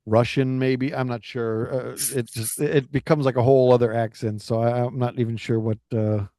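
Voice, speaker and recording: A man's voice: medium pitch, steady tone, moderate pace, dark tone, no room sound, clean studio sound. A man co-hosting a podcast, chatting casually and rambling with many restarts. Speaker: podcast co-host. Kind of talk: casual chat.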